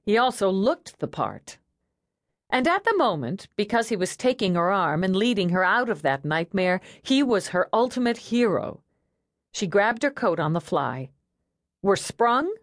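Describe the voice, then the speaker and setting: A woman narrating an audiobook in a wry, expressive storytelling manner. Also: mid-range voice, moderate pace, no echo, studio quality. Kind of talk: scripted narration.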